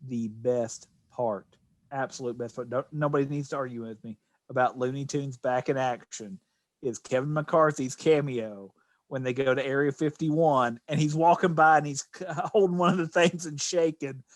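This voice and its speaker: A man's voice: medium pitch, fairly even intonation, moderate pace, no room sound. Eager man chiming in on films. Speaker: podcast co-host. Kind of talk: casual movie chat.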